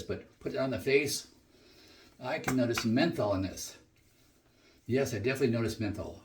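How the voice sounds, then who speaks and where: Laid-back middle-aged guy, low-ish voice, bathroom shave vlog. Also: a little hiss or hum. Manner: relaxed and chatty, many fillers like "alrighty". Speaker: shaving vlogger. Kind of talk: casual shave-review chat. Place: home bathroom.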